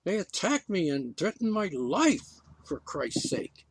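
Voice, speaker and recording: A man with a high, lively voice rants indignantly, swinging from sarcasm to exasperation. His delivery is rambling and full of restarts. The recording is dry and close. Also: takes it slowly, breathy edge, no echo. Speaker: podcast host. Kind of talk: ranting monologue.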